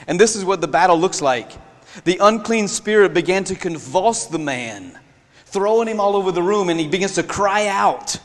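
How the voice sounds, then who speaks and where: A man preaching a sermon in an animated way, laughing often and acting out the people in his stories. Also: on the high side, long reverb tail. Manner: animated, laughing, acts out voices in quotes.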